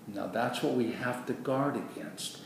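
A man preaching a sermon in an earnest, animated way, acting out quoted voices, with a dry throat after surgery. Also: medium pitch, a little slow, gravelly. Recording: echoey room, far from the mic, noisy.

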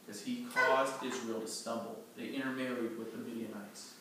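A man's voice: medium pitch, steady tone, normal speed. A man teaching a storytelling Bible lesson to a group, acting out scenes and quizzing his listeners. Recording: echoey room, distant mic, faint noise.

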